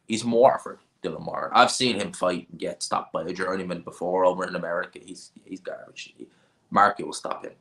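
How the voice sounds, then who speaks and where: A man's voice: low-pitched, fairly bright tone. A man with a North Dublin accent hosting a casual livestream, answering viewer questions with blunt, offhand opinions and frequent restarts. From Ireland. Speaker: livestream host.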